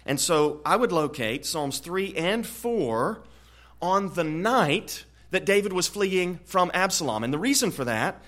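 Earnest guy preaching through the psalms, a bit high pitched, restarts a lot and swells up loud on the big points. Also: sing-song, a little slow. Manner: earnest, frequent word repetitions, swells louder on key points. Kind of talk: expository sermon on the Psalms.

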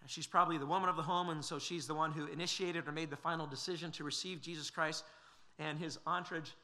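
A man's voice: on the high side, fairly even intonation, fast talker, pushed and bright. A man preaching a sermon, earnest and questioning, with frequent fillers and restarts.

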